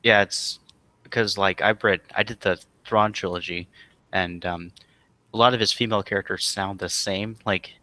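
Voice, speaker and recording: Low, bright-voiced young man, dry sound. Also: moderate pace, no room sound. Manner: relaxed, enthusiastic, filler-heavy. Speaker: podcast co-host. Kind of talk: casual chat.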